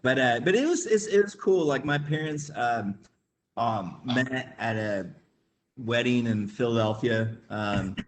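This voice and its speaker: Man, grew up in the Midwest, casual storytelling, fillers, laughs, acts out quotes, mid pitch. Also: slow pace, a little hiss or hum. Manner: rambling, laughing, many fillers. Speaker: webinar guest.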